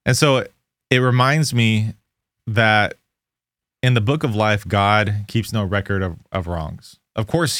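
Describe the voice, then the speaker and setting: In a dry recording, a Bible teacher with a fairly bright voice on the low side talks through verses in an informal devotional lesson. His manner is conversational, full of restarts and self-corrections as he explains.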